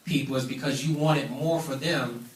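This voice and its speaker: A man's voice: medium pitch, fairly even intonation, normal speed. A man giving an emphatic business training talk to a live audience, preaching his points and calling for responses. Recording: echoey room, mic at a distance.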